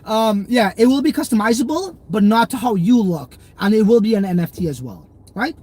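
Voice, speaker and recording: A man's voice: high-pitched, lively intonation, a little fast, a little mellow. A young man hosting a crypto livestream, chatting loosely in slang and reading viewer comments. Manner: slangy, loose and rambling, many fillers.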